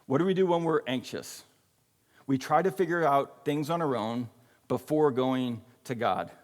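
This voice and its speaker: The long echo of a church hall carries a pastor's medium-pitched voice as he preaches at a moderate pace. He keeps things casual and conversational, often tossing in "right?" and "like."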